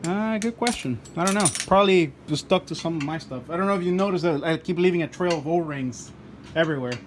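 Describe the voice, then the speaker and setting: Guy hosting a car vlog in his garage, jokey and loose, kinda high voice, bit of background noise. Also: quick pace. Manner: joking, swears, laughs often. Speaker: car channel host. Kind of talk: casual garage chat to camera. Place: home garage.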